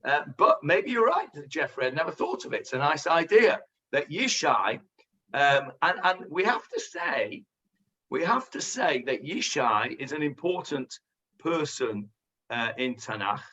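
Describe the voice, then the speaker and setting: A rabbi leads a Bible class in a bright, forceful voice pitched a little high. He talks things through with frequent ums and restarts, and the recording sounds dull and lo-fi. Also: very animated, a little slow, breathy edge. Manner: thoughtful, hesitant with many fillers. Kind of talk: teaching and discussing with students.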